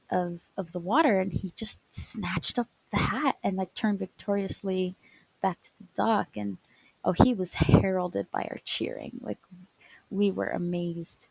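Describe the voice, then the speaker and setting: A woman's voice: medium pitch, vocal fry, a little mellow, slightly rough, rough recording. A young woman narrating a personal childhood story for a class project, stumbling and restarting often and sometimes dropping to a whisper. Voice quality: stutters often, many fillers and restarts. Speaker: student storyteller.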